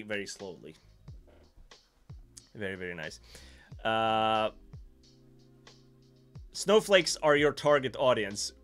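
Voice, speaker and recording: A man's voice: mid-range voice, sharp tone. A man with a Swedish accent, a native Swedish speaker, hosting a casual livestream and musing aloud in a self-mocking way while reading from the chat. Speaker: livestream host.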